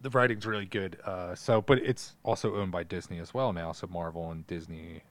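A man's voice: sits low, steady tone, moderate pace, a bit bright. A man co-hosting a casual podcast, reading trivia notes and joking with profanity. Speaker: podcast co-host.

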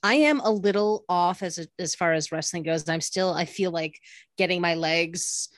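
A woman's voice: on the low side, moderate pace, no room sound, studio quality. A woman co-hosting a wrestling podcast, talking casually in a rambling way with many fillers and restarts. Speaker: podcast co-host. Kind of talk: casual chat.

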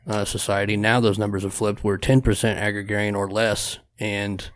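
A man's voice: on the low side, level tone, normal speed, no echo, clean studio sound. A man co-hosting a podcast, blunt, crude and wry in casual chat. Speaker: podcast co-host.

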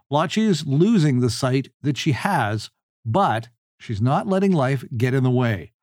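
A man's voice: mid-range voice, a little mellow, no room sound, clean studio sound. A man with a Canadian accent hosting a podcast in a friendly, casual chat full of fillers and restarts. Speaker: podcast host.

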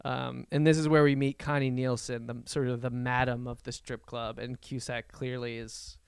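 A man's voice: medium pitch, flat delivery, normal speed, gravelly, clean tone, no echo, clean studio sound. A man co-hosting a casual movie review podcast, talking with wry, joking asides. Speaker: podcast co-host.

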